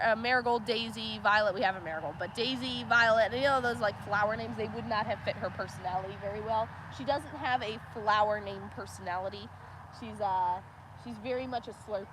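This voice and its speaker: Woman, slightly high voice, casual livestream chat, outdoors at a cow pen, tripod camera, noisy open-air recording. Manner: chatty, laughs often, coos at the cows. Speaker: homestead livestream host.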